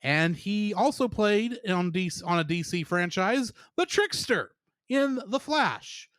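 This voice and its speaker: A man's voice: high-pitched, lively intonation, a little slow, a bit bright, clean tone, no echo, clean studio sound. A man co-hosting a casual podcast, reeling off cast trivia in a chatty way and laughing often. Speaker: podcast co-host.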